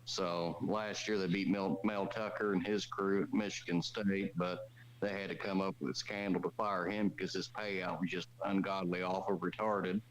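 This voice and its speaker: A man with a very low voice rambles bluntly on a call-in show and swears now and then. A faint hum sits under him. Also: flat delivery, normal speed, poor audio. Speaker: caller. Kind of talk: casual call-in chat.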